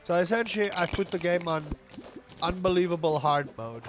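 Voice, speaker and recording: Over music, a young South African man with a high-sitting voice and lively intonation chats casually on a gaming livestream. He rambles at a moderate pace, his South African accent clear, and now and then exclaims when something goes wrong.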